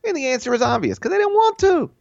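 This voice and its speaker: A man co-hosting a sports podcast in casual chat, opinionated and animated, acting out the voices he quotes. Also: very high-pitched, fast talker, creaky, no room sound, highs cut off. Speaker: college basketball podcast co-host.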